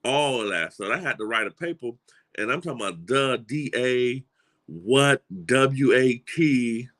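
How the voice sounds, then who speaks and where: A middle-aged man with a Southern US drawl speaks as a motivational speaker. His voice sits at an ordinary pitch. He talks in an animated, folksy way, circling back with restarts and repeated words as he tells his stories. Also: normal speed. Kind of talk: motivational storytelling talk.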